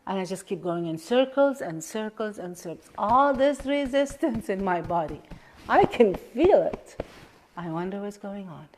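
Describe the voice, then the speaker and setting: A woman's voice: mid-range voice, lively intonation, a little slow, slight background noise. Earnest woman coach repeating affirmations. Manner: earnest, repeats affirmations and questions, drops to a soft hush. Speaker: life coach. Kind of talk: live coaching session guiding a tapping exercise.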